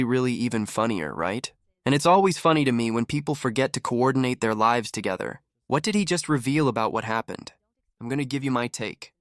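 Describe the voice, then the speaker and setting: A man hosting a commentary channel, talking in a mocking, animated way and acting out quotes. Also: medium pitch, dry recording, studio quality. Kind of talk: reactive commentary.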